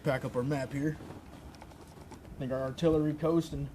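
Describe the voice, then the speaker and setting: This WWII reenactor vlogger has a fairly high pitch and a flat, moderately paced delivery, with heavy background noise around him. Out in snowy weather and feeling the cold, he films a casual show-and-tell, talking informally, rambling and restarting often.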